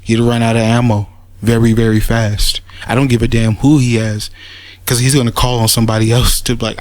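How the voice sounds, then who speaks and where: A man's voice: medium pitch, level tone, brisk, no room sound. A man giving a mocking, rambling spoken rebuttal, sarcastic and full of restarts. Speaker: commentator making a response audio.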